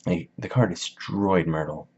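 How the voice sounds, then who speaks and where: Deep-voiced, slangy man summarizing a book. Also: a little slow, darkish tone, highs cut off, slight background noise. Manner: slangy, rambling, jokey. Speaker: video host.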